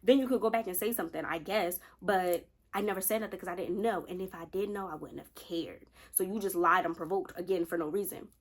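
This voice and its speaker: A woman in her late twenties telling a college story to her viewers in a casual, animated way, calling them y'all and acting out what people said. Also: lowish voice, brisk, hardly any pauses. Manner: animated, addresses viewers as y'all, acts out quotes. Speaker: storytime vlogger.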